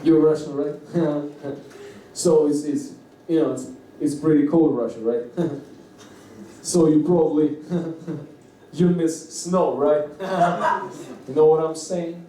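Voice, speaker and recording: A streetwise, overfriendly neighbor, insistent and sly, pressing the same point over and over, as a comedian puts him on. The voice sits a bit high for a man and echoes hard around the room, heard from a distance with faint noise behind. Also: steady tone, slow, dark tone.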